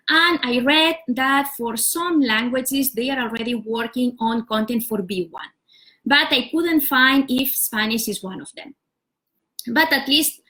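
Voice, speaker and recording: A woman's voice: fairly high pitch, fairly bright tone. A woman language teacher giving a casual livestream explainer, talking step by step with frequent "uh" and "so". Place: home setup for a live stream.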